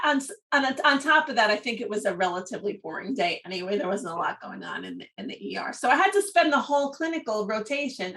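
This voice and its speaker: A woman co-hosting a podcast, telling a story in a lively way and often laughing mid-sentence. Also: on the high side, distant mic. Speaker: podcast co-host. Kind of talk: casual storytelling chat.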